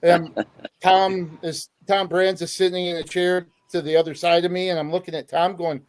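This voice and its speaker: A man's voice: high-pitched, little pitch movement, normal speed. Chatty man hosting a wrestling podcast. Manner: chatty storyteller with many fillers. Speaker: podcast host and sportswriter. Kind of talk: casual podcast interview.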